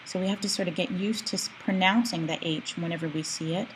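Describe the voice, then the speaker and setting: A woman teaching a recorded language lecture, explaining words patiently and slowing down to model pronunciation. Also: fairly low pitch, fairly even intonation, slight background noise, poor audio.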